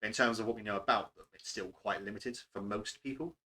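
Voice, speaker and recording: A man's voice: lowish voice, fairly even intonation, fairly quick, sharp tone. A young man, a game master, chatting casually and rambling about his campaign with casual swearing. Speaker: game master answering questions. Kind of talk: casual podcast Q&A chat.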